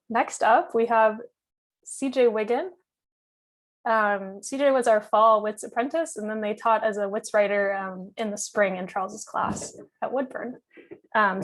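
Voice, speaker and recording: A woman hosting a reading event, introducing writers in a chatty way with many filler ums. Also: mid-range voice. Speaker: event host introducing readers.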